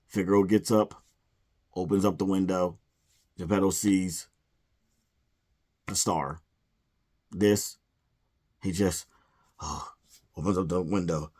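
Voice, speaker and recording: A man ranting casually about a movie, exasperated and sighing, often mumbling quick impressions of the characters. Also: deep voice, a little mellow. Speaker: movie reviewer.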